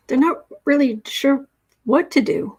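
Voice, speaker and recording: Speaking slowly in a high-pitched voice, a woman hosts a tarot livestream, reading viewer comments aloud and chatting casually. She's soft-spoken and coos to her pet cat between readings.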